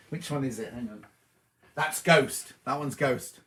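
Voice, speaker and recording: A man's voice: medium pitch, moderate pace, a bit bright. A middle-aged man hosting a live stream, chatting cheerily and answering viewers' comments as he reads them out. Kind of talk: casual live chat.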